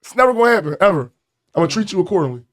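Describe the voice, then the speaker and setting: A man from Philadelphia, a comedian guest telling a story on a podcast in a lively way and acting out the voices of the people in it. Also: sits high, rapid-fire. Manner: animated storyteller who acts out voices, bursts into loud laughter.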